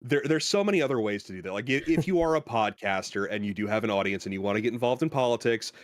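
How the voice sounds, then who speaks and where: A man's voice: on the low side, animated, quick pace, no room sound. Podcast dude laying out his take, wry and sure of himself, voice swoops a lot, dry close sound. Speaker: podcast co-host. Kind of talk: casual podcast chat.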